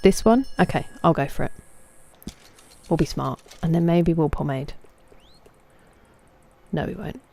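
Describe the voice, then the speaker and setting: A woman's voice: sits low, expressive, measured pace, gravelly, pauses often, warm tone. An English woman in her thirties streaming a game, chatting in a rambling, self-mocking way. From England. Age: 30s. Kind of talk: casual chat.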